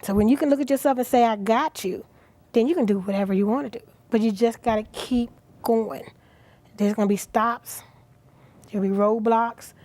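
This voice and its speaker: A middle-aged woman guest on a talk show, speaking earnestly and with feeling, at times dropping to a soft near-whisper. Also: a little high, normal speed. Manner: earnest, animated, drops to soft near-whispers at emotional moments. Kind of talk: inspirational talk show interview.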